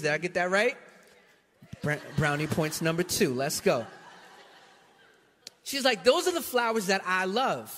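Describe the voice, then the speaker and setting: A man's voice: sits high, very animated, measured pace, long pauses, a bit bright, long reverb tail. A pastor from New York City telling a funny story in his sermon, acting out both sides of it.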